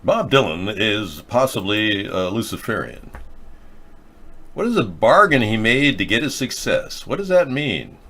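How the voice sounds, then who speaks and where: A middle-aged man hosts his own show, delivering a loose, rambling monologue that hops between topics with a sarcastic edge. His voice is low, a bit bright and sing-song, at a measured pace.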